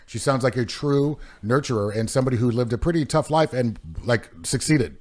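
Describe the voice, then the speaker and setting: Brief: male host, mid pitch, quick encouraging talk. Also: darkish tone. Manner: quick, encouraging, many short backchannels. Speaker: podcast host. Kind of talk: casual interview.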